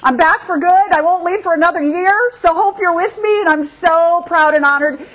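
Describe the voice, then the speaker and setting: A woman's voice: very high-pitched, normal speed, a bit bright, low-quality recording. A middle-aged woman hosting a live fashion show, gushing and effusive as she shows off outfits.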